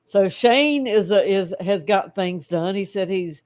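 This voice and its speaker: A woman's voice: medium pitch, a little slow, few pauses, a little mellow. A woman co-hosting a casual morning livestream, with a laid-back, teasing way of talking. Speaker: livestream co-host.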